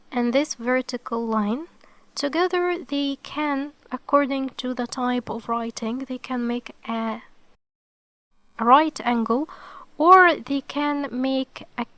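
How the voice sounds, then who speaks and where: A woman's voice: sits high, fairly bright tone, no echo. A woman teaching the Arabic alphabet to beginners, explaining each step patiently and checking in with "okay". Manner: slow and careful.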